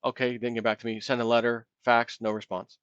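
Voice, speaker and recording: Ranting alone with passion, this commentary host now and then takes on the voices of pretend callers, his level, mid-range voice a little fast and resonant, clear and a bit bright. The recording is dry and close with no room sound, though slightly dull and muffled.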